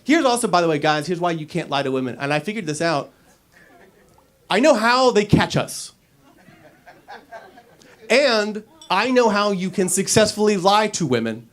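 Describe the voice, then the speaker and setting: A man's voice: high-pitched, moderate pace, long pauses. A man doing a stand-up comedy set in a club, acting out little scenes with silly voices. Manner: animated, acts out characters with silly voices.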